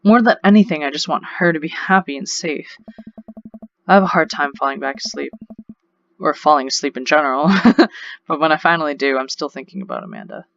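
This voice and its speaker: A let's play host reads a game's narration aloud and keeps drifting into casual, rambling commentary. The voice sits at a medium pitch. The recording is slightly dull, with soft game music underneath. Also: sing-song, fairly quick, creaky. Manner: chatty, rambling asides with frequent laughs.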